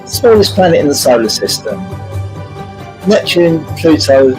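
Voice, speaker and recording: A man's voice: a little high, sing-song, unhurried, over music, poor audio. A man hosting a live-streamed multiple-choice quiz, chatty and jokey, greeting viewers by name as he reads out the questions. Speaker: quiz host.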